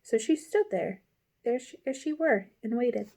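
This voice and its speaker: A woman from a library reading a classic children's novel aloud in an expressive, gently paced way. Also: fairly high pitch, unhurried. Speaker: library storyteller.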